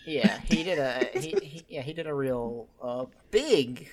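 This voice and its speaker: A man talking casually on a podcast, walking through a movie's plot. He is animated, laughs often and acts out quoted lines in a somewhat high voice. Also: unhurried. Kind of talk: casual film recap chat.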